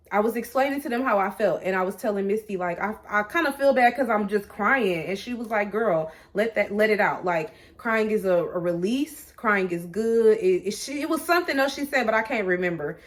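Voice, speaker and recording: A woman vlogger talking candidly to her viewers in a chatty, animated way, full of fillers and restarts. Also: medium pitch, moderate pace. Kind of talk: casual personal talk to camera.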